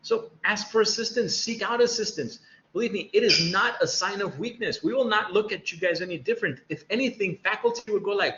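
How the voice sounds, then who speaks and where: A middle-aged man with a high voice talks to students over a video call. He sounds conversational and encouraging and acts out little exchanges between teacher and student. The audio is roomy and echoey, with a muffled, dull tone. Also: a little fast, bright, forceful tone, a little hiss or hum. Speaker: college faculty member. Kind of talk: virtual panel talk to students.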